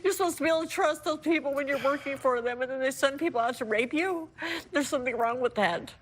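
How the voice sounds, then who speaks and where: Exasperated high-voiced woman guest. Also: quick pace. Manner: exasperated, indignant. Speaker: talk show guest. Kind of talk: emotional confrontation on a talk show.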